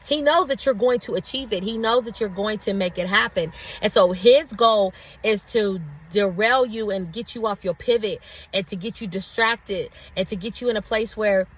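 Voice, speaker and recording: Woman giving a casual, preachy faith talk. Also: medium pitch. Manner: conversational, fills with "like" and "right?"; builds to repeated preaching phrases. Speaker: faith ministry speaker.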